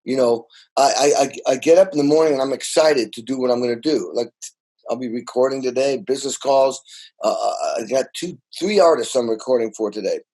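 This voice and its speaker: Older guy drummer telling road stories, excited, keeps restarting words, medium pitch. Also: fairly quick, poor audio. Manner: energetic, enthusiastic, restarts and repeats words. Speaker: guest drummer. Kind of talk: animated storytelling in casual interview.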